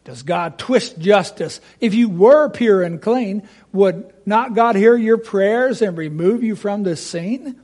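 A man's voice: high voice, takes it slowly, hardly any pauses, a little mellow. A man voicing Bildad, an impatient, accusing friend in rhyme. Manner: impatient, challenging.

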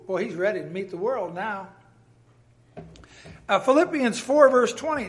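A male preacher delivers a sermon with a notably high voice. He talks in a conversational way and bursts into exuberant exclamations, with occasional coughing. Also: very animated, measured pace, long pauses.

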